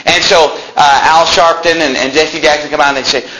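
A man pastor preaching a sermon in a church, talking conversationally and breaking into animated outbursts. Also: fairly high pitch, brisk, poor audio. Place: church sanctuary.

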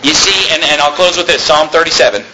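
A man's voice: a little high, fast talker, noisy background. A man preaching a sermon as pastor, reading scripture aloud and rising sharply on his exhortations.

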